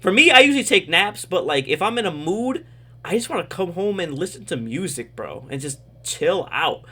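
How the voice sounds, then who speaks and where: A man hosting a reaction video, talking loose and slangy with excitable outbursts. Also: high voice, moderate pace, husky. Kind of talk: casual reaction commentary.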